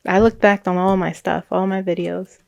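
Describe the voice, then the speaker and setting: A woman's voice: on the low side, little pitch movement, normal speed, gravelly, no echo, muffled recording. A woman, a psychic reader, casually recounting a reading in a chatty, rambling way with frequent laughs and restarts.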